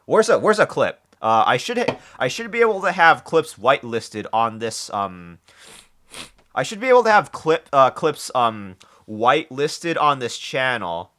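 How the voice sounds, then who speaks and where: A man's voice: mid-range voice, very animated, measured pace, pushed and bright. A man live-streaming, chatting casually with viewers, joking, swearing and often restarting his sentences. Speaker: livestreamer reading chat.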